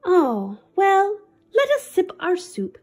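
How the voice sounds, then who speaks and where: A woman reading the part of a hearty bearded village father in a storybook, declaiming warmly. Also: very high voice, wildly swooping pitch, takes it slowly, heavily acted.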